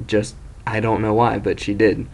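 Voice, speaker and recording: A man's voice: on the low side, flat delivery, moderate pace, creaky, a little mellow. A young man casually telling an embarrassing story as host of his own video series, rambling, self-mocking and swearing freely.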